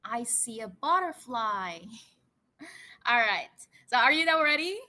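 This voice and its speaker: A woman leads children through a simple English vocabulary lesson before telling them a story. She talks very slowly and carefully, with a bright, forceful tone. Her voice sits slightly high, and she repeats each key word for the class to say back. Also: big pitch swings. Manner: slow, deliberate prompting with repeated words. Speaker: English teacher.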